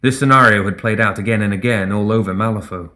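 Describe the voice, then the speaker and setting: A man reading a fantasy story aloud as narrator in a measured, even way. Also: on the low side. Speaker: audiobook narrator. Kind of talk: scripted narration.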